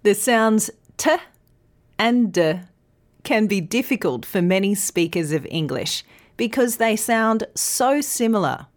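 A woman teaching English pronunciation in a scripted podcast lesson, articulating slowly and carefully. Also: mid-range voice, animated. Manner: slow, clear, careful articulation.

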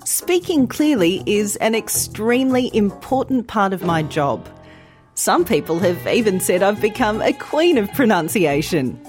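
A woman teaching pronunciation in a scripted podcast, speaking slowly and carefully articulating each sound. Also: mid-range voice, sing-song, darkish tone, soft background music. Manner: slow, clear, carefully articulated. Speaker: pronunciation teacher and news presenter. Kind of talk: scripted educational podcast narration.

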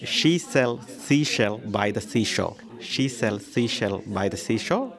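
A man's voice: lowish voice, lively intonation, slow. A man learning English, trying a tongue twister again and again and laughing at his slips, in a busy room. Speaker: language learner. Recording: busy room with crowd chatter.

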